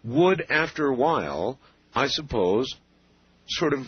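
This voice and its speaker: A man's voice: medium pitch, sing-song, slow pace, husky, no room sound. A man hosting an interview, curious and asking questions with stumbling restarts. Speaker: radio host. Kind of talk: interviewing a guest. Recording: dull lo-fi radio sound.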